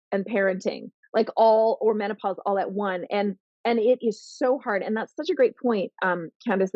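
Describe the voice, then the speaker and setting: A woman giving parenting advice on a podcast, earnest and animated, acting out what teens and parents say. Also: medium pitch, no echo, dull audio. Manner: earnest, animated, acts out teen and parent voices. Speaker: parenting coach guest.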